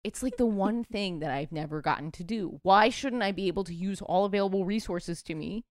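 A woman's voice: mid-range voice, a little fast, no room sound, studio quality. A woman hosting a podcast in casual comedic chat, playful and teasing, from the New York City area and jumping in with quips. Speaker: podcast host.

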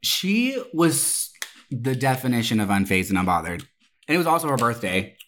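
Animated, swearing young podcast co-host. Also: mid-range voice, moderate pace, slight background noise. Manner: animated, profane, swearing oaths for emphasis. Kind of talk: casual storytelling chat.

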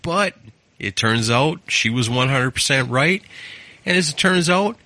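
A man co-hosting a casual chat, telling a story with animated delivery and acted-out quotes. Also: mid-range voice, a little slow, dry recording. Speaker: podcast co-host.

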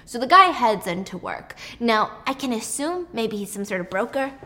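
A chatty young woman vlogger with a slightly high voice, telling a movie story and joking along the way. Her delivery is casual and expressive, with a lively, animated swing to it. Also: moderate pace. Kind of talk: casual movie recap while cooking.

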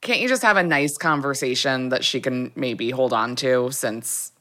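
A woman co-hosting a podcast, reacting in casual chat with quick agreeing interjections. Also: rumbling low, a bit bright. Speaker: podcast co-host.

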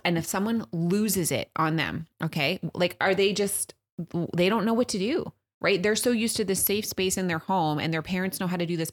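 Low-voiced chatty woman podcaster. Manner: chatty storytelling, acts out quotes. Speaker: podcast co-host. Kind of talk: casual chat.

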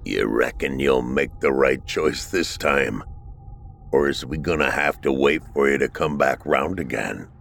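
A man voicing a weathered, cryptic old man who speaks in a slow rural drawl. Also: extremely low pitch, vocal fry, fairly bright tone, a little hiss or hum, pitched below the performer's own voice, exaggerated voice.

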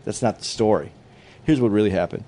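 A man's voice: fairly low pitch, brisk. Profane storytelling man, casual comic chat. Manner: storytelling, profane, animated retelling of a joke. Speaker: stand-up comedian.

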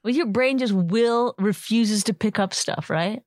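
A woman's voice: mid-range voice, measured pace, darkish tone, dry recording. A woman co-hosting a podcast, teasing her husband in casual banter and often mimicking voices. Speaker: podcast co-host.

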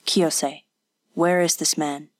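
A woman's voice: deep voice, steady tone, takes it slowly, dry recording. A woman voicing a stern male constable who gives curt, commanding orders in an audiobook.

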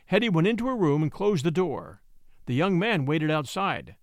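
A man narrating a classic short story in an expressive, animated reading. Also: fairly high pitch, normal speed, no echo, clean studio sound.

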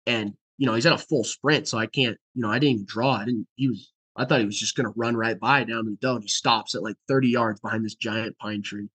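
A young man with a husky, slightly rough voice tells a story in relaxed, casual talk. He acts out the dialogue as he goes and drops into hushed whispers for the quiet moments. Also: fairly low pitch, fast talker, hardly any pauses. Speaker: podcast guest.

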